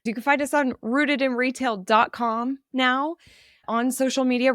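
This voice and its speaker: A woman's voice: mid-range voice, fairly bright tone, dry recording, clean studio sound. A woman hosting her own podcast, giving a chatty, enthusiastic solo update that gets emotional at times. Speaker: podcast host.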